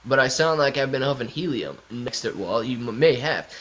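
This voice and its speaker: A young man hosting a casual stock market live stream, reading viewer comments aloud and riffing on them in a chatty, excitable way. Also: medium pitch, moderate pace, hardly any pauses. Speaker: stock market livestream host.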